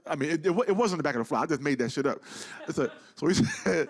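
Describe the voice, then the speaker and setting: A man telling a story in casual talk, animated and profane, acting out the people he quotes. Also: on the high side, racing, hardly any pauses. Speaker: guest.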